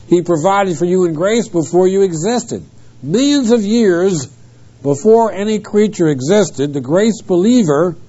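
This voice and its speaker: A man teaches an expository sermon, stressing each Greek word and grammar point with emphasis. His voice sits a little high but sounds mellow and soft-edged. The recording is muffled and lo-fi, like an old tape. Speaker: preacher.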